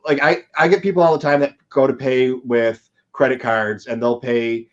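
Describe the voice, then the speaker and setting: A man's voice: mid-range voice, steady tone, moderate pace. A man chatting casually as host of a live fan chat. He rambles and throws in quoted asides. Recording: dull lo-fi audio.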